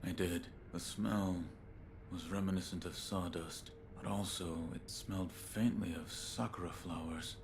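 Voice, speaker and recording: An actor playing a stoic young male shinobi warrior who speaks tersely and quietly. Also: low-pitched, fairly even intonation, unhurried, background noise. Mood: calm.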